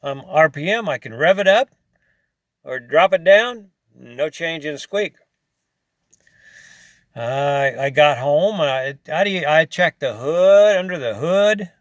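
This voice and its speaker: A man talking casually to camera about his truck, folksy and chatty, now and then mimicking a squeak in a high soft voice. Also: expressive, slow pace, dry recording. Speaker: vlogger describing his truck trouble.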